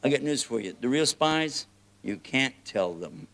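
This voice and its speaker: A man with a Texan accent preaching a lively, joking sermon, often laughing and swinging between loud and soft. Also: mid-range voice, unhurried. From United States.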